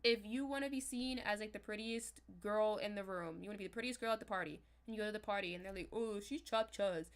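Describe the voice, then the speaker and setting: A young woman chatting casually on a livestream as a manifestation coach, talking straight to her viewers in a loose, animated way. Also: medium pitch, quick pace, hardly any pauses. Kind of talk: casual livestream talk to chat.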